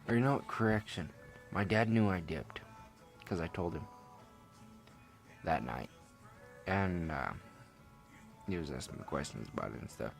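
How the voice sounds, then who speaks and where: A young man with a very low voice tells a story from his own life in a loose, rambling way. He peppers it with fillers and swearing, and faint music plays behind him. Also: animated, moderate pace, creaky, long pauses. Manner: rambling, profane, laid-back with many fillers. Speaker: vlogger. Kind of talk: casual storytelling.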